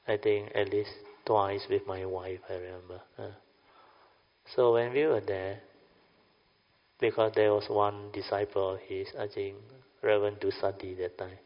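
Older man, Buddhist teacher, dharma talk, low voice, dull lo-fi sound, long hall reverb. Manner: chatty, keeps checking the audience with "huh?" and "understand or not?".

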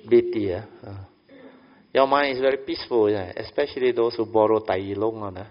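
A man's voice: fairly low pitch, normal speed. A man telling anecdotes in a Buddhist talk, often repeating "I said", chuckling, and asking "understand?". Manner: chuckles often between lines. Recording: dull reverberant hall recording.

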